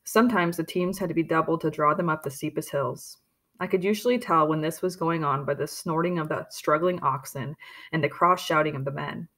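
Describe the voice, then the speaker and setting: A woman reading a storybook chapter aloud in a steady, plain manner, with occasional slips and restarts. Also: deep voice, brisk. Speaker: audiobook reader. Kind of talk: storybook narration.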